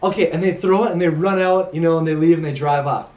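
A man's voice: on the high side, steady tone, fast talker, a little mellow. Man telling a story in an echoey room. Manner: rambling, laid-back anecdote teller. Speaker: podcast co-host. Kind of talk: casual storytelling chat.

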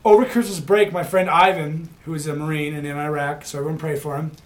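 A man's voice: on the high side, fairly even intonation, fast. A man co-hosts a casual talk show and rambles through anecdotes. He talks in an easygoing, chatty way. He often laughs as he tells his stories. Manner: rambling anecdotes, laughs often, mimics other people's voices. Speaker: podcast co-host. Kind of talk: casual storytelling.

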